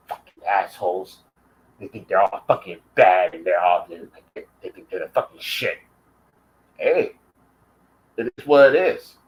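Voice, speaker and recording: A vlogger from the United States, speaking in a lowish, fairly bright voice over poor audio, launches into an angry rant full of profanity. He is confrontational, taunting the person he's targeting and calling them out directly.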